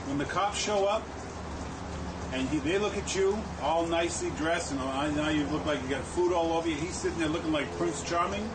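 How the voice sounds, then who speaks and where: A man's voice: fairly high pitch, brisk. A man giving preachy, folksy advice in a monologue clip. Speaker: advice video speaker. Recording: distant mic with clear background noise.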